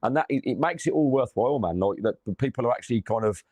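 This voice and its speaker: A man co-hosting a football fan show, chatty and excitable, his voice going hoarse. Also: mid-range voice, quick pace, no room sound. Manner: excitable, chatty, calls listener mate. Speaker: co-host of a football fan channel. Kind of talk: casual chat.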